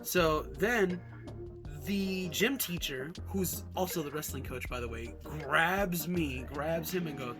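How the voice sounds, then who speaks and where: A young man from Alaska, casually telling a storytime, animated and swearing, acting out punches with sound effects. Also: on the high side, slow pace, over music. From Alaska, USA. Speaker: vlogger.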